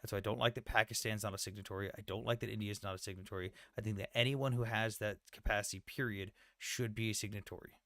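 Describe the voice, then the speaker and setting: A man's voice: on the low side, fairly even intonation, quick pace, few pauses, sharp tone, no echo, clean studio sound. A man hosting a livestream debate in casual chat, blunt and jokey, swearing freely.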